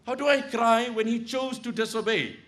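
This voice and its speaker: A man preaching a sermon, moving from hushed storytelling to loud, impassioned pleading. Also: extremely high pitch, moderate pace. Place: Islamic center.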